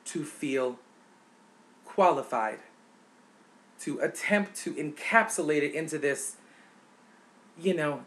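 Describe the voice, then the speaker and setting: A woman's voice: low voice, takes it slowly, long pauses. A woman vlogger delivering an impassioned, indignant opinion rant, repeating words for emphasis.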